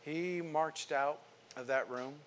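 Man, pastor, sermon, somewhat high pitch, animated storytelling, emphatic bursts. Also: takes it slowly, a little hiss or hum. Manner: animated storyteller, swings from quiet asides to emphatic outbursts.

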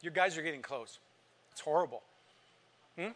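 A man's voice: on the high side, moderate pace, a bit bright. A man preaching a sermon, telling a story and putting questions to the congregation.

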